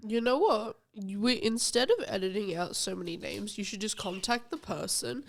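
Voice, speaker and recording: A woman's voice: mid-range voice, expressive, normal speed, creaky. A young woman co-hosting a casual podcast chat, playful and giggly. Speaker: podcast co-host.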